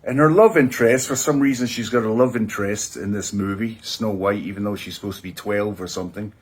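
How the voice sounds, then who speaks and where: A man giving a rambling, deadpan satirical comedy review of a film, sardonic and self-mocking. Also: fairly low pitch, fairly quick, breathy edge.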